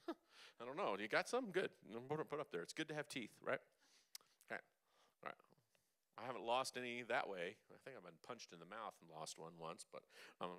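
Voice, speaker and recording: A man's voice: mid-range voice, sharp tone. A man coaching a group through breathing and humming exercises, upbeat and coaxing, demonstrating the sounds himself. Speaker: vocal coach. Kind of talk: leading a group vocal workshop. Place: church hall.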